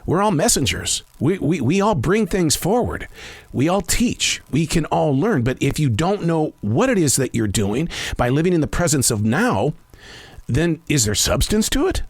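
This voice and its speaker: Man in his fifties, podcast host, rambling and self-reflective, stammers and restarts, lively pitch, fairly high voice. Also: moderate pace, slightly rough, no room sound. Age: 50s. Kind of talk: casual solo podcast monologue.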